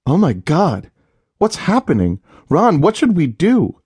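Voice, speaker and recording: A man voicing an anxious young woman watching TV news, speaking higher and with rising alarm. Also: very animated, normal speed, no echo.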